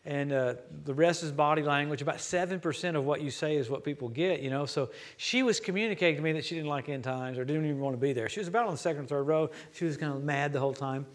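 A middle-aged man from Louisiana preaches in a church, his voice sitting a little on the high side. He tells lively stories and acts out the dialogue as he goes. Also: quick pace, hardly any pauses. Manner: storytelling, animated preaching with quoted dialogue. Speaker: traveling preacher. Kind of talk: sermon.

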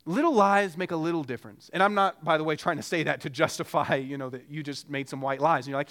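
A man's voice: fairly high pitch, fast, few pauses, fairly bright tone. A man preaching a sermon as pastor, earnest and pressing with repeated rhetorical questions.

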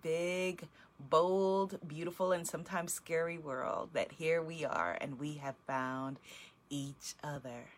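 A woman hosting a group call, leading a guided meditation and a slow, reverent prayer. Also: low-pitched.

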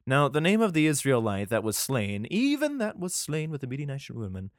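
A man's voice: mid-range voice, big pitch swings, a little fast, dry recording, studio quality. A male podcast host reads scripture aloud. He stumbles over words and breaks off for profane, irreverent asides. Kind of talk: casual scripture reading with commentary.

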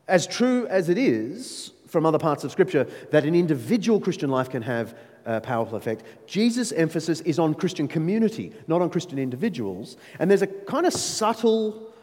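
Aussie guy preaching, voice swings all over, bit high, big echoey hall. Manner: animated, emphatic, with playful asides to the audience. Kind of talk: sermon. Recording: long reverb of a large hall.

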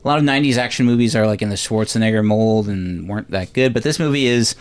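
A man's voice: on the low side, fast, clear, resonant tone. A man hosting a casual movie podcast, chatting and cracking jokes. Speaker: podcast host.

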